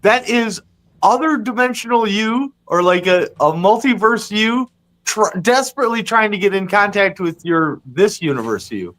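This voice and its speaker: High, lively-voiced man rambling. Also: normal speed. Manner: rambling, chuckling, trails off mid-thought. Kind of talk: casual banter on a live show.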